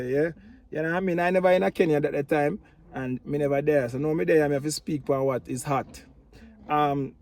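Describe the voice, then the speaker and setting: A man's voice: on the high side, a little mellow, no room sound. A middle-aged Jamaican man with a Jamaican accent, giving opinionated casual vlog commentary and often asking "you know what I mean". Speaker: tour operator vlogger.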